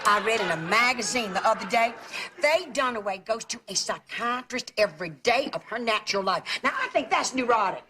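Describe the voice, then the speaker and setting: An actress playing a chatty, gossipy middle-aged aunt who fusses over how people pronounce words. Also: female voice, a little high, expressive, a little fast, pushed and bright. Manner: chatty, gossipy, fussy about pronunciation. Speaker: sitcom aunt. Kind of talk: sitcom acting. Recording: noisy old TV sitcom audio.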